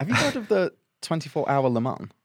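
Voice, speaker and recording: A man's voice: fairly high pitch, big pitch swings, a little fast, breathy edge, no echo, clean studio sound. A man co-hosting a casual podcast, trading wry, teasing asides. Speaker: podcast co-host. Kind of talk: casual banter.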